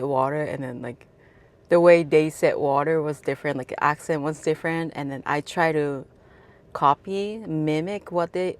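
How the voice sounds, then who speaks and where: Cab driver from Japan, woman, telling a casual anecdote; slow, low, halting delivery. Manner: halting, many restarts and fillers. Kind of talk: casual storytelling to camera.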